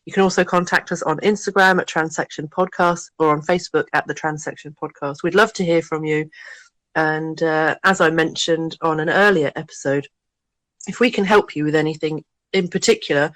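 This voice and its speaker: A woman co-hosting a podcast, telling an animated story and laughing often. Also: deep voice, fairly quick, dry recording. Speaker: podcast co-host. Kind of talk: casual chat.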